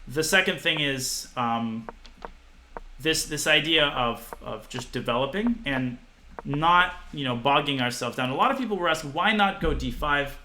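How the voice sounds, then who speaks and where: A man in his twenties giving a live-streamed chess lesson, talking fast to his viewers and thinking aloud. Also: on the high side, bright, forceful tone, slight background noise, poor audio. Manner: quick, talks to chat, thinks aloud with restarts.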